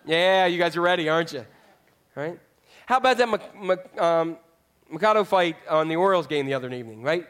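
High-voiced man preaching a sermon. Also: lively intonation, quick pace, fairly bright tone. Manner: conversational, quizzes the congregation. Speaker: pastor.

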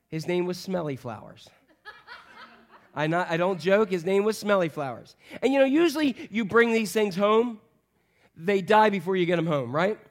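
High-voiced pastor telling a funny story. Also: male voice. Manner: animated, humorous storytelling with many fillers. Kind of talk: sermon.

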